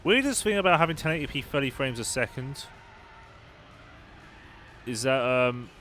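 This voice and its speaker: A man's voice: mid-range voice, animated, normal speed, fairly bright tone, soft background music. Chatty young man streaming a racing game. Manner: chatty, reads and answers chat while playing. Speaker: gaming streamer. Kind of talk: casual live-stream gameplay commentary.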